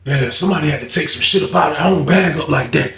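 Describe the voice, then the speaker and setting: High-voiced man telling a story in a roomy space. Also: racing, gravelly. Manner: animated, heavy street slang, acts out the people he quotes. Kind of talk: casual storytelling. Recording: roomy echo.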